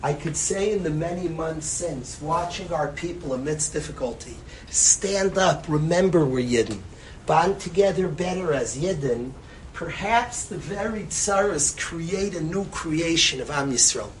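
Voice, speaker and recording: Impassioned male preacher, loud then hushed. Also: on the high side, measured pace, slight background noise, low-quality recording. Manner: impassioned, swinging between loud emphasis and soft, hushed phrases; repeats phrases for emphasis. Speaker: rabbi giving a talk. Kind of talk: sermon.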